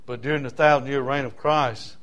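A man from South Carolina with a Southern accent, preaching a sermon in rhythmic bursts with call-and-response amens, swinging from loud shouts to quiet asides. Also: mid-range voice, steady tone, brisk, muffled recording. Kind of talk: fiery sermon.

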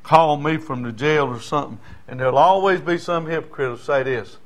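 A middle-aged man preaching a sermon, folksy and storytelling, rising now and then into shouting. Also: on the high side, a little fast. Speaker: pastor.

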